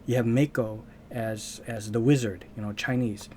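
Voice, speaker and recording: A man talks straight to his audience in a loose, unscripted monologue. His voice is warm and mellow at an ordinary middle pitch. He rambles, restarts his sentences and stops to hunt for the word he wants. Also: fairly even intonation, moderate pace, slight background noise. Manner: rambling, restarts often and searches aloud for words. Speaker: channel host.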